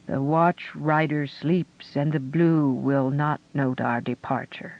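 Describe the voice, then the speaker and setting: A man voicing an impassive, calm female queen dragon who speaks slowly and evenly. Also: fairly high pitch, vocal fry. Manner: slow, measured, impassive. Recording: dull lo-fi audio.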